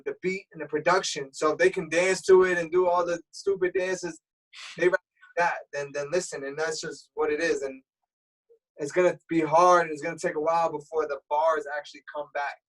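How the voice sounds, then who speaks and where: A man's voice: a little high, a little fast. Dj guy on a call, chill street talk, kinda far from the mic. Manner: relaxed, explanatory, streetwise talk. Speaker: radio DJ guest. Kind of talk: casual interview chat. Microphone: remote call.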